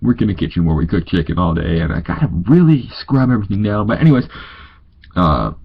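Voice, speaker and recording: A man's voice: low-pitched, very animated, fast talker, vocal fry, breathy edge, muffled recording. A tired young man from North Dakota with a stuffy nose, reading ghost stories aloud, stumbling over words and correcting himself. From North Dakota, USA. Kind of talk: casual read-aloud with asides.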